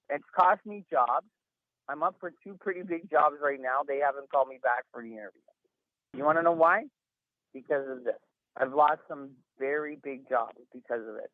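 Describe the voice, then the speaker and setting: A man's voice: on the high side, dry recording. A man on a phone call, talking in an emphatic, rambling, exasperated way as an interview guest. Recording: tinny phone line.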